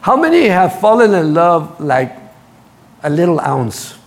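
A man preaching a sermon, telling stories with lively energy and speaking straight to his congregation. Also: a little high, measured pace, vocal fry. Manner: animated storytelling, acts out quotes, laughs at his own stories; addresses the congregation directly. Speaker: pastor.

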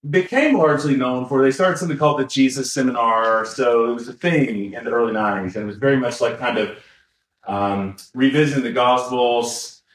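A man co-hosting a podcast in casual chat, rambling and correcting himself with lots of fillers and chuckles. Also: medium pitch. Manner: chuckles while talking. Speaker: podcast co-host. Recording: roomy echo.

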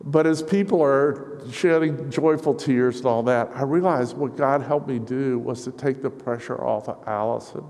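Middle-aged guy preaching, earnest, telling personal stories, voice middle pitched, long echo in the hall. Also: moderate pace, few pauses. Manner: earnest, personal storytelling with soft asides. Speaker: pastor. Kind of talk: sermon. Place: church sanctuary. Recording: reverberant hall.

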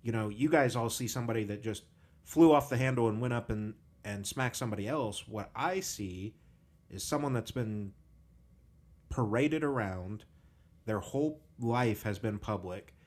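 A man's voice: on the low side, normal speed, a little mellow. A man hosting a podcast, talking frankly and casually about personal struggles and swearing freely. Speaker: podcast host. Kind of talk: candid conversational podcast talk.

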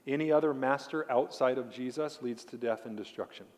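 A man delivers a sermon as pastor in an everyday mid-range voice. He is emphatic, slows down to lean on key words and questions his listeners directly. His voice carries a long reverb from a large church hall. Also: medium pitch, a little mellow. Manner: emphatic preaching, slowing down to stress key words; addresses the congregation directly with questions.

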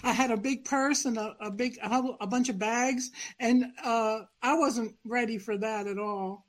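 A woman's voice: fairly high pitch, steady tone, normal speed. An older woman, the host's mother, giving brief, blunt answers in a casual chat.

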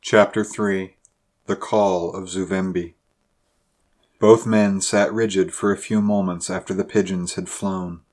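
A man reading a story aloud in a measured, dramatic narration. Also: sits low, flat delivery, a little mellow. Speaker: audiobook narrator. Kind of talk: scripted narration.

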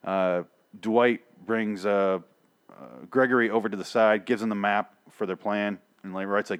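A man's voice: on the low side, fairly even intonation, moderate pace, smooth. A man rambling through a sarcastic, profane recap of a TV episode, acting out the characters' lines along the way. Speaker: podcast host recapping a TV show. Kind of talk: casual profane recap monologue.

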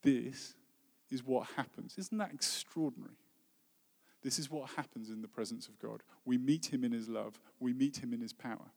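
A man, a worship leader giving an earnest, heartfelt sermon that often drops to a soft voice. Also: mid-range voice, fairly even intonation, normal speed, creaky, hardly any pauses. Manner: earnest, heartfelt preaching with soft dropping phrases. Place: church hall. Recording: long reverb of a hall.

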